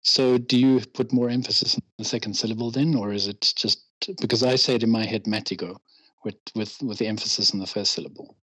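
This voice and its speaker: A man talks as a podcast guest, chatty and self-deprecating, ready to rant. His voice sits low with a husky edge. The recording is dry and close, with no room sound. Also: steady tone, fast talker, few pauses, fairly bright tone, no room sound, poor audio. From England. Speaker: interview guest. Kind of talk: casual podcast interview.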